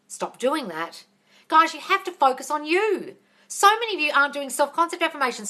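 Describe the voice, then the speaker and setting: Recorded on a phone, this woman speaks a little high, with a pushed, bright quality. Hosting a laid-back live Q&A as a manifesting coach, she's blunt, swears freely, and addresses listeners as darling.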